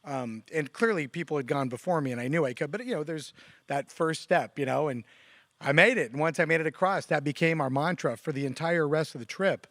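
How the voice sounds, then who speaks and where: Man, slightly high voice, lively storyteller who jumps up in pitch for quotes, close dry sound. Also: fairly quick, no room sound. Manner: animated storyteller, quotes others with raised pitch. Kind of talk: casual conversation.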